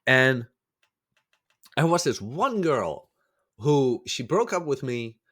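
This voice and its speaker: A man's voice: medium pitch, big pitch swings, takes it slowly, a bit bright. A man telling stories as a podcast guest in casual chat, rambling and correcting himself as he goes, still getting over a cold. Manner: rambling, self-correcting, acts out quoted voices. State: recovering from a cold.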